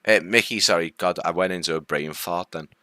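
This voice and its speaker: A man with a low voice and a light Liverpool accent chats on a live stream, rambling through fillers and restarts as he greets viewers and answers comments. His tone is bright and clear, and the sound is dry and close. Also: a little fast, no room sound. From Liverpool, England.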